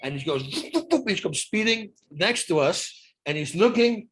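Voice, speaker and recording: Animated man, slightly high voice. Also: a little slow, husky. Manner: animated storyteller who acts out dialogue, many restarts. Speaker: guest. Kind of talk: casual interview chat.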